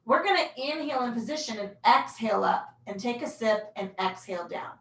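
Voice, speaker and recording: A woman leading a pilates class, calmly cueing breaths and moves in a casual, self-deprecating way. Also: on the high side, brisk. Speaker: pilates instructor. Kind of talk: guided workout instruction. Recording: echoey room, mic far off.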